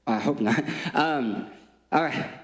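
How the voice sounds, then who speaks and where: A man preaching an interactive sermon on stage, playful and energetic as he directs a volunteer. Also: medium pitch, slow. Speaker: guest speaker. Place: large church hall. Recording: echoey church hall.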